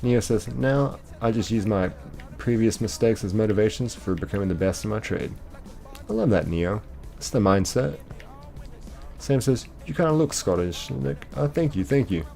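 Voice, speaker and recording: Gravelly American man chatting on stream. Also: lowish voice, normal speed, mellow, soft background music. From United States. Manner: rambling, with many fillers and restarts. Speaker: livestream host. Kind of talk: casual chat reading live comments.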